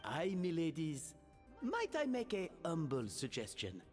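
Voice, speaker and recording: An actor with a French accent playing a theatrical, courtly gentleman host in a game, with flowery speech and lively pitch, in audio with long reverb. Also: measured pace, soft background music. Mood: grandiose.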